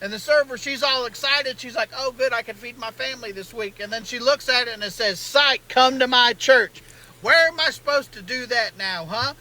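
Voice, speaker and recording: A man's voice: very high-pitched, moderate pace, sharp tone, exaggerated voice, poor audio. A comedian playing an indignant Southern man ranting about his favorite restaurant, in a folksy Southern drawl. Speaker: comedian in a satirical clip.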